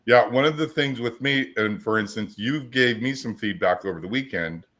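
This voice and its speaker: A man's voice: mid-range voice, moderate pace, a bit bright. A man co-hosting a coaching podcast, talking assertively in casual chat and acting out quotes in his stories. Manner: assertive, storytelling with acted-out quotes.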